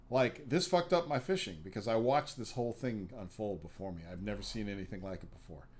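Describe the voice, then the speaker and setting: A man's voice: fairly low pitch, a little hiss or hum. A man hosting a podcast, telling long rambling stories in casual, profane chat. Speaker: podcast host.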